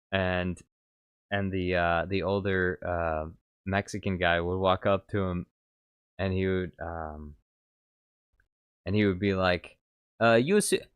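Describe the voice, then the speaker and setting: Brief: man streamer, a bit low, dry close mic, rambling and self-mocking. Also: a bit bright, smooth, dry recording. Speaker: streamer reading chat. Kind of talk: casual chat.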